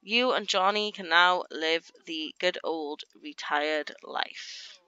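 A woman giving casual gameplay commentary, chatting along and voicing her characters in quick asides. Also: low voice, bright, forceful tone, smooth, no room sound, highs cut off. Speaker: gaming YouTuber.

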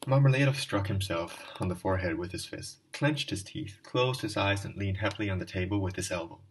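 A man narrates a classic novel in a measured, unhurried reading, stumbling now and then. His voice is deep and low. He sits a little back from the microphone. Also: far from the mic, slight background noise, poor audio. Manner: measured reading with occasional restarts. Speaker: audiobook reader. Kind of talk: literary audiobook narration.

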